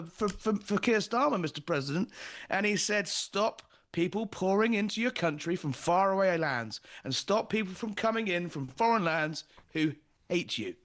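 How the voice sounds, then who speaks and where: Brisk high-voiced male political journalist. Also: animated, a bit bright. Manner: brisk, emphatic, quoting his interview. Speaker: political journalist and show host. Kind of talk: energetic news talk.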